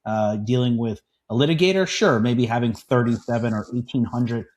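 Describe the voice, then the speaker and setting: A man's voice: medium pitch, moderate pace, darkish tone. A man hosting a business podcast, talking in an emphatic, conversational way and repeating points for his listeners. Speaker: podcast host. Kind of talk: conversational interview.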